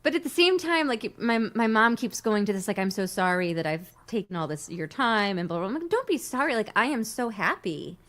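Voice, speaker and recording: A woman's voice: medium pitch, a little fast, hardly any pauses. A middle-aged woman, hosting a casual livestream chat, telling stories with frequent laughter. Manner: chatty, laughs often, animated storytelling. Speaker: host.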